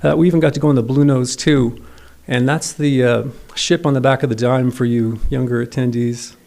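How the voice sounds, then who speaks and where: A man's voice: mid-range voice, steady tone, brisk, creaky, darkish tone. A middle-aged man giving a eulogy for his father, telling wry, self-deprecating stories at a memorial service. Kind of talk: memorial eulogy with humorous anecdotes.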